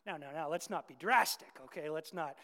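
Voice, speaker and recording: A man's voice: on the high side, unhurried, sharp tone. A man voicing a dithering male ghost who hems, haws and backpedals as he tries to talk his way out of a hard choice. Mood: hedging. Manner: hemming, hedging, backpedaling. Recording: long reverb of a large hall.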